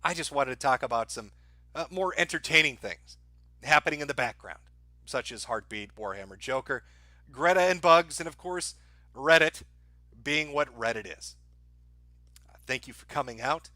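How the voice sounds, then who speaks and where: A man's voice: medium pitch, expressive, normal speed, pauses often, pushed and bright, dry recording, clean studio sound. A man hosting a live stream, ranting sarcastically and profanely to his chat, often breaking into laughter.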